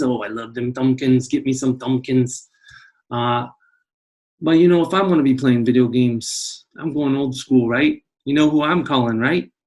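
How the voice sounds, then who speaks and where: Brief: male math teacher, comic wisecracking intro patter, mid-pitched voice. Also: dark tone. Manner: jokey, playful put-on tough-guy patter. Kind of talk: comedic video lesson intro.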